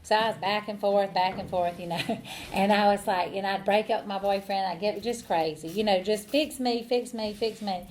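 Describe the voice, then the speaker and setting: A woman's voice: mid-range voice, fairly even intonation, brisk, a little mellow, slight background noise. A middle-aged woman, telling her recovery story in a rambling way, with many fillers and restarts, and laughing at herself. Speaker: AA speaker. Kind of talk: personal recovery talk.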